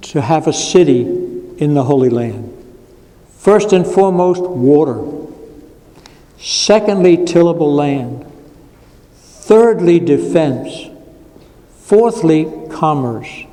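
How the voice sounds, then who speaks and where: A male pastor gives an informal Bible lesson to adults, his voice sitting a little high for a man. He talks in a conversational, wandering way and drops wry asides. A long reverb from the church room trails each phrase. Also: lively intonation, slow, long pauses, dark tone. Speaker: pastor teaching adult education. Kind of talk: informal Bible class lecture. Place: church classroom.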